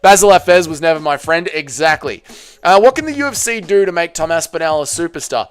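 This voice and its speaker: A man's voice: fairly high pitch, expressive, a little fast, smooth, no room sound, faint music behind. A man with an Australian accent hosting a casual livestream, reading chat comments aloud and answering with crude banter. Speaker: livestream host.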